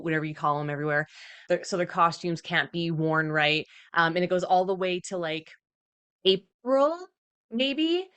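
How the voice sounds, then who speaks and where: A woman's voice: deep voice, a bit bright, clean tone. A Canadian woman hosting a podcast, chatting casually with lots of fillers and laughs. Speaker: podcast host. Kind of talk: casual chat.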